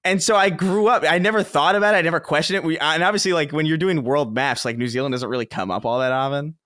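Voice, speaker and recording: A man's voice: a little high, fast talker, pushed and bright, no echo, clean studio sound. A man from the Bronx telling rambling, self-mocking stories as a guest on a casual podcast, cursing freely.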